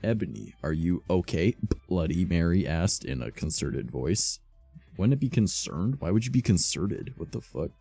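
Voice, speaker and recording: A man streaming while reading fan fiction aloud, adding profane, deadpan asides in a slightly sore voice. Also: sits low, normal speed, creaky, husky, no echo, soft background music.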